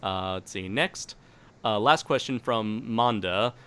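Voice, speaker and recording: A man hosting a podcast, reading listener questions aloud and answering them in a jokey, brisk way. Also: lowish voice, bright, forceful tone, smooth. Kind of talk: casual chat.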